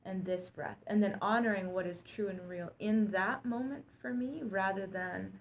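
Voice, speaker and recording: A woman's voice: medium pitch, normal speed, a little hiss or hum. Reflective, earnest woman co-host. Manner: reflective, earnest, speaks of breath and intention. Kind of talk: reflective conversational chat.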